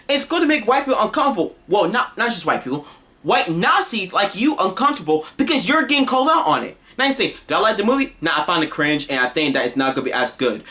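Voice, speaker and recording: A woman's voice: on the high side, fairly bright tone. A woman delivering a heated, scornful rant as an online commentator, repeating her points and talking over herself. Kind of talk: ranting vlog monologue.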